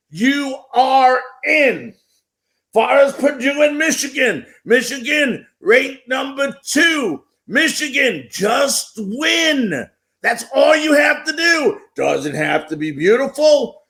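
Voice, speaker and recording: Middle-aged man, sports radio host, gravelly high voice, slow, shouty, hammering his points home. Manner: emphatic, repetitive, building hype. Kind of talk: sports talk radio monologue.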